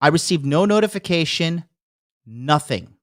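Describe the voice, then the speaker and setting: Man, slightly high voice, casual ranting host, swears a lot and mimics people, dry close mic. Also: expressive, moderate pace, no room sound. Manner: profane, heated, acts out the people he quotes. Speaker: podcast host.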